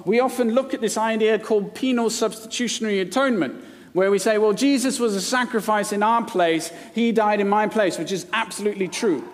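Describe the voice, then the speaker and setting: A man's voice: high-pitched, a little fast. A man from India preaching a sermon, mixing scripture readings with playful, jokey asides. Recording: long hall reverb.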